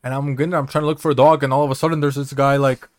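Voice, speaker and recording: A man's voice: medium pitch, little pitch movement, racing, no echo. A man co-hosting a podcast in casual banter, telling rambling, profane stories with lots of laughing. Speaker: podcast co-host.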